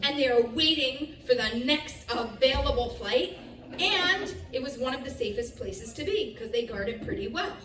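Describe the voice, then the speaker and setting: Picture a woman with a high voice, heard a little way off in an echoey festival venue with faint ambience. She tells a lively story to the audience, laughing often and quoting other people in her own voice. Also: moderate pace, far from the mic, background noise. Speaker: speaker giving a festival talk. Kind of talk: storytelling talk to a live audience. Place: festival stage.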